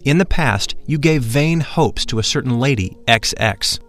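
Guy reading a solemn gentle master, mid-pitched, grave, faint music under it. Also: animated. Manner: solemn, measured.

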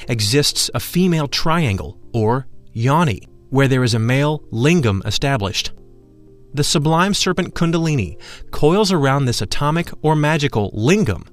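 A man reading an audiobook aloud in a solemn, measured way, stressing key words. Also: mid-range voice. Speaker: audiobook narrator. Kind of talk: scripted audiobook narration.

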